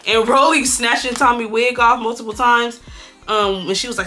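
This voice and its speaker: Young cali woman doing a makeup vlog, crisp bright voice, cusses a lot, faint music underneath. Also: medium pitch, moderate pace. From California. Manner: blunt, profane, animated gossip. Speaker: beauty vlogger. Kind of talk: casual chatty makeup tutorial.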